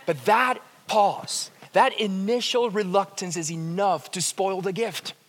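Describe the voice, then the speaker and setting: A man preaching a sermon as pastor, shifting between hushed, quiet passages and emphatic, rising ones. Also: high voice, measured pace, in a large hall. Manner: dynamic, swings from hushed to emphatic.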